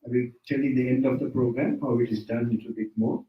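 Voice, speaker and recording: A Buddhist monk from Sri Lanka gives an informal dharma talk at a private home, correcting himself as he goes and chuckling often. His medium-pitched voice is steady and fast, with the highs cut off, and the roomy sound suggests a distant mic.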